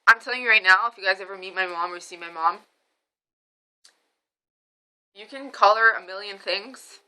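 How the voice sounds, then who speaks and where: A young adult woman vlogger telling a story to camera in a casual way, lively and swearing freely. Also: medium pitch, moderate pace, clean tone, rough recording.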